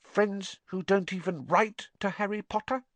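A man's voice: measured pace, dry recording. A man voicing a small, anxious, servile male house-elf who pleads and speaks of himself in the third person, in an audiobook. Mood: pleading. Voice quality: squeaky, high and breathy. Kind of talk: audiobook character voice.

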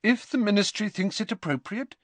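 Man voicing a stern, brisk old headmistress. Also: high voice, expressive, a bit bright, dry recording, voice pushed up. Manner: brisk, clipped.

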